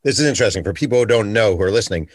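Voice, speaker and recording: Low-voiced man hosting a podcast. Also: lively intonation, very fast, no echo. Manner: conversational, storytelling. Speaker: podcast host. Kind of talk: casual podcast interview.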